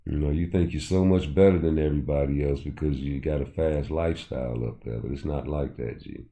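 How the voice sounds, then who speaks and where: Deep, mellow-voiced man ranting on a livestream. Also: steady tone, brisk. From Chicago. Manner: loose, profane, addresses chat directly. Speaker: livestream host. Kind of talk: casual livestream rant.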